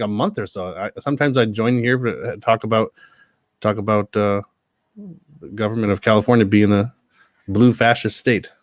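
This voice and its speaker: A man speaks in a loose, chatty way, laughing easily and restarting his sentences mid-thought. He comes through a video call with a dry, close sound, and his pitch is middling. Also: no echo. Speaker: panel guest, copy editor. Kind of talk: casual chat.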